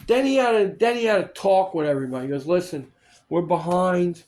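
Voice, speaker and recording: A man recounts stories in a relaxed chat with a slightly high voice. He is animated, switching into other people's voices as he quotes them, and drops swear words freely. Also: racing. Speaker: storyteller recalling film work. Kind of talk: casual chat.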